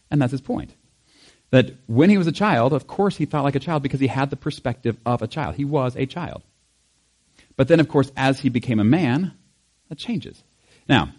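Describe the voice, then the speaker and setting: Male pastor, casual sermon, mid-pitched voice, animated storytelling. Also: slightly rough. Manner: conversational, animated, acting out quotes with laughs.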